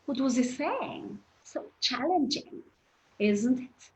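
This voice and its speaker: A woman's voice: a little high, lively intonation, unhurried, warm tone, poor audio. A woman teaching English pronunciation in an online webinar, patiently explaining and encouraging students in the chat.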